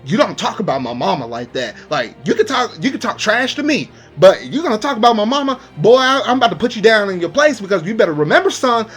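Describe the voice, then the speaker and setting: A man's voice: fairly high pitch, sing-song, a little fast, few pauses, a bit bright, breathy edge, faint music behind, heavily acted. A man voicing a brash teenage boy hero as a big brother, in slangy street talk. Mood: fired up.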